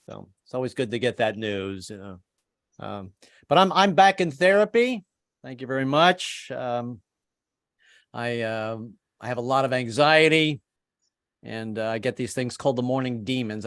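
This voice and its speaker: A man's voice: medium pitch, no room sound. Seventy-year-old man doing stand-up, dry sound. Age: 70s. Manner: self-deprecating, halting with repeated starts. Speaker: stand-up comedian. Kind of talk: stand-up comedy set. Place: home setup on a video call. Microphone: computer mic on a video call.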